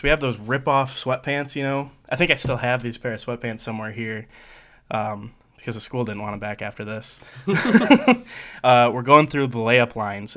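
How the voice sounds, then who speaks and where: A man's voice: medium pitch, sharp tone. A man from Michigan co-hosting a podcast, telling stories in a jokey, casual way and laughing often. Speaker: podcast co-host. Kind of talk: casual storytelling chat.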